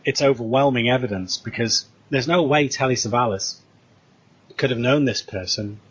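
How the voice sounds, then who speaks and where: Man, British accent, breathy voice, casual storytelling, quoted dialogue. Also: mid-range voice, moderate pace, poor audio. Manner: animated retelling with quoted dialogue. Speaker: co-host.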